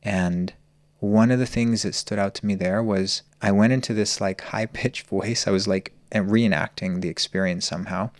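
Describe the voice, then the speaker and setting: A man's voice: lowish voice, fairly even intonation, no room sound. A man telling his personal story as a podcast guest, earnest and searching. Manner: earnest, open, slow and searching.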